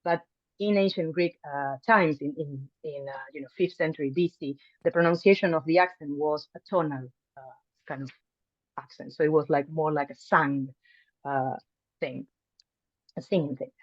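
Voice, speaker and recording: A woman's voice: low-pitched, steady tone, moderate pace, dry recording. Woman teaching an online class. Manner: friendly, chatty, with many ums and restarts. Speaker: language teacher. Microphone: video call mic. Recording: dull, dry video call audio.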